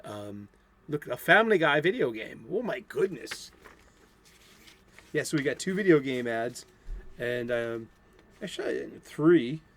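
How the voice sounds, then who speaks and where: A man hosts a daily comic book talk show from home, recorded lo-fi, chatting loosely and enthusiastically in an unscripted way with many restarts and fillers. His medium-pitched, slightly bright voice swings widely in pitch, unhurried and broken by long pauses.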